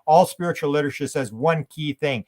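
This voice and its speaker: A man's voice: a little high, brisk, a little mellow. A man from Canada, a guest in an interview, who rambles animatedly and acts out quotes.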